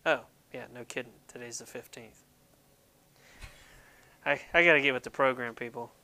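A man's voice: medium pitch, normal speed, pushed and bright. A man hosting a casual devotional talk to viewers, jokey and rambling, poking fun at himself. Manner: jokey, rambling, self-deprecating. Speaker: ministry video host. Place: Pennsylvania.

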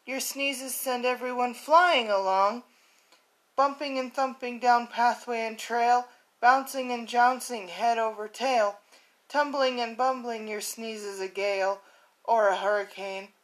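A woman's voice: on the high side, steady tone, measured pace, lightly acted, low-quality recording. A woman reading as a pleading buffalo.

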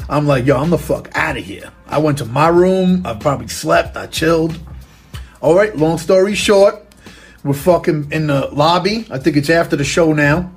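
A young man tells a crude story in loose street slang, swearing freely and checking in with "you know what I mean" throughout. His voice sits a touch high for a man. Faint music plays underneath. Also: breathy edge.

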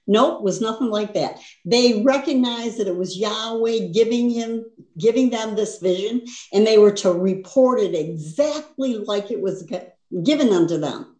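A woman's voice: fairly high pitch, moderate pace, a little mellow, roomy sound. A woman teaching a Bible lesson as a sermon, talking conversationally and often checking in with "you understand?". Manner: conversational preaching, frequent "you understand?" and "see?".

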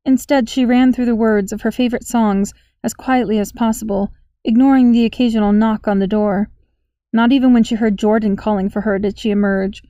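A woman reading a story aloud in a steady, even storytelling manner. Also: a little high, dry recording. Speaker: audiobook narrator. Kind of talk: scripted narration.

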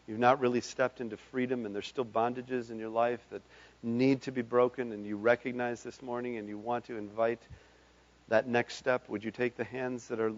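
Male pastor for an altar call and benediction: fervent, building to loud impassioned calls, mid-pitched voice on a dull lo-fi recording. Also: little pitch movement, moderate pace. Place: church sanctuary.

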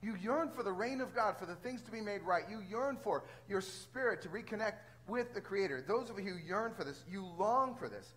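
A man preaching a sermon as a pastor, talking in a conversational, animated way with frequent restarts. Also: sits high, moderate pace, hardly any pauses, low-quality recording.

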